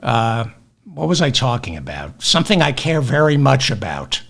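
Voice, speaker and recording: A man's voice: medium pitch, big pitch swings, moderate pace, vocal fry, a bit bright. A man hosting a comic news podcast, sardonic and exasperated, mixing rants with asides into his webcam. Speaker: podcast host. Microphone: webcam with automatic tracking.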